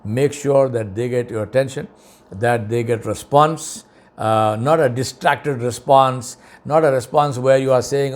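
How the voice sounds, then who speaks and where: A man's voice: steady tone, moderate pace, a little mellow. A middle-aged man giving an earnest, emphatic advice talk, repeating key points for stress. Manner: mocking quoted voices in a higher tone. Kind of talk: lecture-style advice talk.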